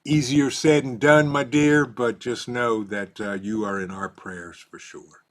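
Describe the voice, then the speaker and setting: A man's voice: medium pitch, steady tone, unhurried. A man hosts a casual live stream, reading out viewer comments, laughing easily and coaxing his dog. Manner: easygoing, laughs often, talks softly to his dog.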